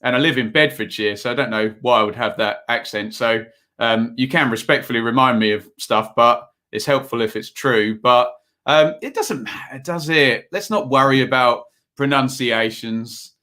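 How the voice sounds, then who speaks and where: A man's voice: mid-range voice, moderate pace, pushed and bright. A man from Ipswich hosting a casual football livestream, chatting with viewers and calling scores in a rambling way full of ums. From Ipswich, England. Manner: chatty, rambling, reads chat aloud, many ums. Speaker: livestream host. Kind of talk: casual live football commentary and chat.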